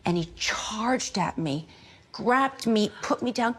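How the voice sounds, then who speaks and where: A woman's voice: a little high, lively intonation, takes it slowly, very noisy. A reality show woman giving an emotional personal retelling, dramatic and acting out quotes. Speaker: reality show cast member.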